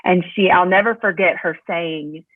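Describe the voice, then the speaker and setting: A woman assistant principal telling a personal story in an interview, animated and full of fillers. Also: fairly low pitch, normal speed, dry recording. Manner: animated storyteller, fillers, voice jumps up when quoting. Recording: tinny phone-line audio, dry.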